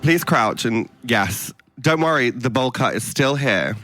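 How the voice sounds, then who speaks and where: A man hosting a podcast in casual chat, playful and full of quick quips. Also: medium pitch, lively intonation, over music. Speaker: podcast host.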